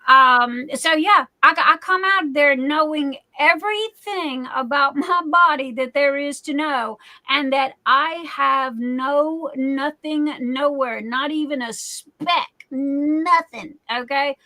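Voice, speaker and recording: Woman in her forties, livestream host; bright, rather high voice, emphatic chatty delivery. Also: slow, hardly any pauses, rough recording. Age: 40s. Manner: emphatic, repeats herself, keeps asking "okay?". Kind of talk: casual live chat.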